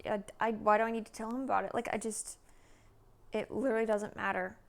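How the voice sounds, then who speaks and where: A woman in her early thirties rambles through a casual vlog, talking in a loose, chatty way. She leans on filler words and sighs, and her voice sometimes falls to a soft near-whisper. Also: mid-range voice, flat delivery, fast talker, vocal fry. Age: 30s. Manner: chatty, meandering, many "like"s and sighs. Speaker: vlogger.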